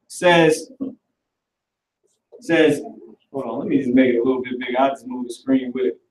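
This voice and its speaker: A man teaching an online Hebrew class in a casual, animated way, talking aloud as he works through the screen. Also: mid-range voice, slight background noise. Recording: roomy recording from far off the mic.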